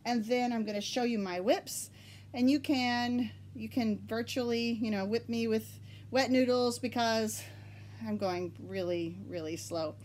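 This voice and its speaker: A woman with an Oklahoma accent chats casually from her home, hosting her knitting podcast. She pitches slightly high and sounds bubbly and easily excited, often giggling as she talks. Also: unhurried, slight background noise. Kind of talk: casual chat.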